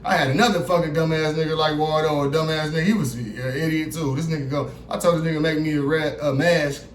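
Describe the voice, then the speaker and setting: A man's voice: fairly high pitch, fast talker. A young man casually telling a long, profane story straight to his viewers. He keeps checking in with them and acts out other people's lines as he goes. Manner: profane, animated, keeps asking "you feel me". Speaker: vlogger. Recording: roomy echo with faint background noise.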